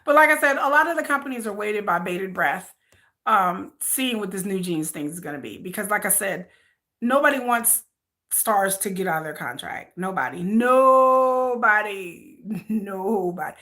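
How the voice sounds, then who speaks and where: A woman's voice: medium pitch, animated, normal speed, bright, forceful tone. A woman vlogger chatting casually on a livestream, rambling and repeating herself as she answers viewer comments.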